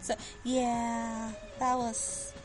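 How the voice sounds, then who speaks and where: A woman's voice: on the high side, monotone, very slow, faint music behind, poor audio. A bubbly, giggly woman co-hosting a podcast, chatting casually about a book series and reading out listener comments. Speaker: podcast co-host.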